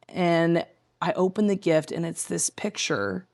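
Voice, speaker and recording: A woman's voice: fairly low pitch, fairly even intonation, unhurried, darkish tone. A woman guest telling a heartfelt personal story in casual conversation, earnest and rambling with lots of fillers. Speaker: guest, tea room owner.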